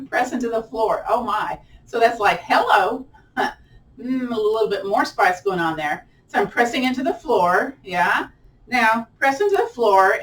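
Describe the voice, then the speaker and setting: Playful yoga teacher with a lilt. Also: female voice, fairly bright tone, distant mic, poor audio. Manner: playful, laughs often, pitch jumps up on effort. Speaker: yoga instructor. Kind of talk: chatty guided exercise class.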